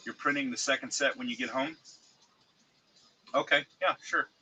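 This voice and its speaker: A man with a cold streaming live, speaking congested and halting, with many fillers and restarts as he shows model parts to chat. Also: mid-range voice, fairly even intonation, sharp tone, slight background noise, low-quality recording. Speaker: streamer showing 3D-printed model car parts. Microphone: desk mic, close.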